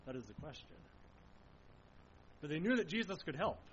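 A man's voice: fairly high pitch, big pitch swings, moderate pace, muffled recording, slight background noise. A man preaching a sermon in an earnest way, asking rhetorical questions as he explains the passage. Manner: earnest, uses rhetorical questions, some restarts.

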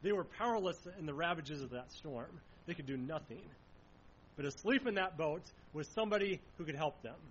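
A man's voice: fairly high pitch, animated, brisk, lo-fi sound, slight background noise. A man preaching a sermon in an earnest way, asking rhetorical questions as he explains the passage. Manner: earnest, uses rhetorical questions, some restarts.

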